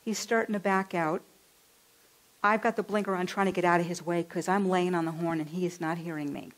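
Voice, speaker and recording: A woman minister from California giving a sermon, telling a personal story with lively acted-out voices. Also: lowish voice, low-quality recording. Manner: animated, acts out voices in her stories. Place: church.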